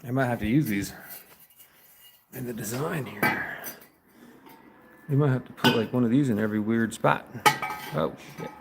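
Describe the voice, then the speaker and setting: A man's voice: mid-range voice, moderate pace, vocal fry, pauses often. A man chatting offhandedly on a livestream as he works in his garage, muttering to himself. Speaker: livestream host. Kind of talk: casual livestream chat while working. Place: home garage. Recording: noisy garage with clanking tools.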